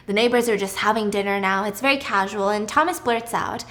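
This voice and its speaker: A young woman hosting a podcast, telling a story in a casual, animated way and acting out the people in it. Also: medium pitch, fairly quick, few pauses. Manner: animated, acts out characters with shouting and whispers. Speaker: podcast host. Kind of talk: casual storytelling with voiced quotes.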